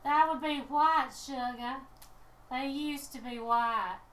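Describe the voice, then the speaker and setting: A woman player in casual chat at a game table, relaxed and playful. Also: sits high, slow. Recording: echoey room, mic at a distance.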